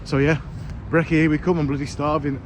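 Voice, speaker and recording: A man's voice: a little high, flat delivery, fairly quick. A man in a casual travel vlog, talking in a chatty, jokey, self-deprecating way, sounding tired. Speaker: vlogger. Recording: loud street and crowd noise.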